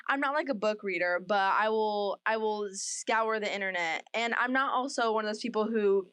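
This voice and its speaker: A woman's voice: mid-range voice, normal speed, a bit bright, clean tone, no room sound. A young woman co-hosting a podcast, chatting casually with lots of fillers and getting emotional. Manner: rambling, many fillers, emotional. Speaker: podcast co-host. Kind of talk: casual chat.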